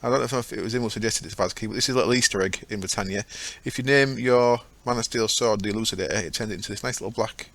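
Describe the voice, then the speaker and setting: With hardly a pause, a gaming channel host rattles off very fast commentary in a lowish, fairly bright voice. He chats and rambles over his own play, often correcting himself along the way.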